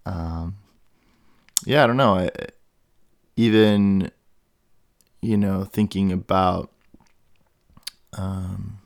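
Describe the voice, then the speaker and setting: A man's voice: deep voice, fairly even intonation, extremely slow, gravelly, long pauses, no room sound, studio quality. A man hosting a solo podcast, thinking aloud in a meandering way with many fillers and restarts. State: has the hiccups. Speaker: podcast host. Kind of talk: rambling solo podcast monologue.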